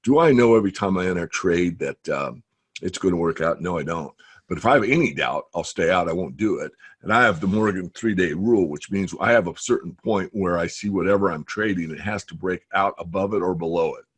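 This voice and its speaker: A man with a low, husky voice talks animatedly as a guest on a trading webinar. He tells stories and makes his points with emphasis. The audio comes through a webinar call. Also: fairly quick. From United States. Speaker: guest trader. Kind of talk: casual interview.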